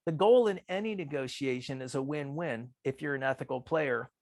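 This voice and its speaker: Measured man presenting a workshop. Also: no echo, clean studio sound. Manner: calm, measured, acts out quoted voices with shifts in pitch. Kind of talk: presentation on persuasive communication.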